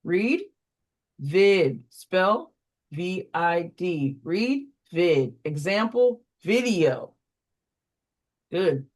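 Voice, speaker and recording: At an unhurried pace, a reading tutor runs a phonics walkthrough with short, deliberate call-and-response prompts, spelling out each word and then giving an example. Occasional quicker asides explain how to run the drill. The middle-pitched voice has lively intonation.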